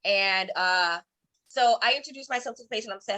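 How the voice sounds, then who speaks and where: A woman doing a brash, profane stand-up set over a video call, telling a story with deadpan asides. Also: medium pitch, a little fast. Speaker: stand-up comedian.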